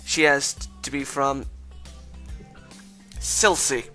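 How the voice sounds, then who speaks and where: A Welsh man reads a paranoid schoolboy who spins wild theories in a rambling, conspiratorial rush, stumbling over his words. The tone is bright and forceful, with light music underneath. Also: medium pitch, steady tone, takes it slowly.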